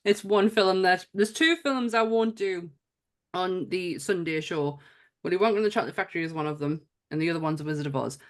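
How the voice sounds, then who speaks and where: A woman's voice: fairly low pitch, fairly quick. English woman on a horror podcast, chatty, swears a bit, keeps restarting. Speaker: podcast co-host. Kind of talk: casual chat.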